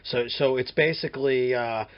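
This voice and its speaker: A man's voice: medium pitch, moderate pace. A male podcast host bantering with guests, teasing them and throwing in bawdy interjections. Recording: muffled lo-fi podcast audio.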